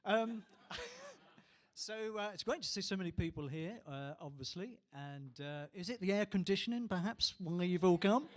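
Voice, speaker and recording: High-voiced man bantering on stage. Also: expressive, normal speed. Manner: dry, self-mocking, chatty. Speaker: musician and entertainer. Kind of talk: stage banter between songs. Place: small theatre stage. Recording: live hall with long reverb.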